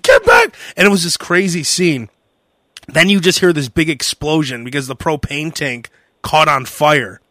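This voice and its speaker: A young man hosting a casual podcast, telling a story in a lively way and acting out the shouting of the people in it. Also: on the high side, dry recording, clean studio sound. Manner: animated storyteller who acts out shouted quotes. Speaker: podcast host.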